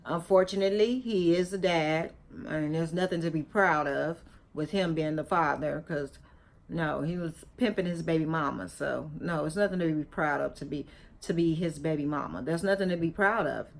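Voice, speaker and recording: A woman's voice: low-pitched, normal speed, vocal fry. A woman reacting to a video in a vlog, talking casually in slang, emphatic and repetitive, lecturing as she gives her opinion. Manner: emphatic, repeats herself, scolding and preachy; casual slangy talk, chewing gum.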